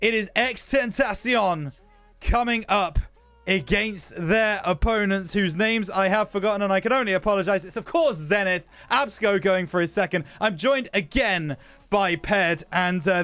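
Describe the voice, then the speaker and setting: A man's voice: high voice, normal speed, a bit bright, dry recording, soft background music. A young man hosting an esports football broadcast, presenting in an upbeat, playful way and reading out team line-ups. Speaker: esports host. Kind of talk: esports pre-match presenting.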